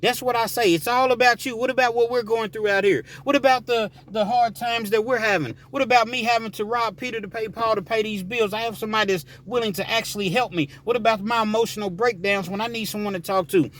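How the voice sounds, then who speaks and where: A man's voice: high-pitched, fairly even intonation, fast, few pauses, fairly bright tone, pitched above the performer's own voice. Man playing a weary young wife. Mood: exasperated. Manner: apologetic then exasperated, complaining. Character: weary young wife leaving her jailed husband.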